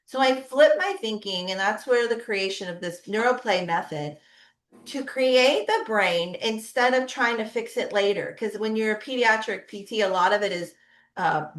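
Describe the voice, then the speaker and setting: A woman's voice: medium pitch, fairly bright tone, reverberant. A middle-aged woman, a pediatric physical therapist, giving a conversational webinar talk with frequent tag questions. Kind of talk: webinar presentation.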